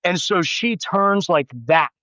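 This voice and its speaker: A man in his thirties, appearing as a podcast guest, tells a story in casual chat, animatedly acting out quoted voices with big jumps in pitch. He speaks slowly, with no room sound and the highs cut off.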